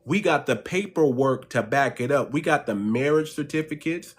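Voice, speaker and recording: Calling his viewers family, this livestream host delivers emphatic, preachy commentary and keeps repeating his points to hammer them in. His voice is mid-range, expressive and slightly rough, at a moderate pace.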